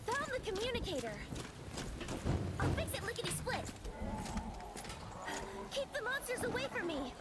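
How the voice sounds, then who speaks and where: A woman voicing a perky young female mechanic in a game, with quick, chirpy delivery. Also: very high-pitched, very animated, very noisy, full character voice. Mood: brisk chirpy. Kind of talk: game voice acting. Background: loud game music.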